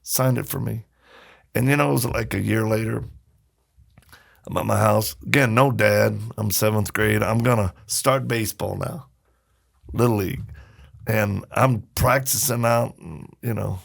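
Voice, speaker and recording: A man who is a podcast guest, telling personal stories in a casual, animated way and acting out the voices of the people he quotes. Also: on the low side, measured pace, creaky. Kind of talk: casual storytelling.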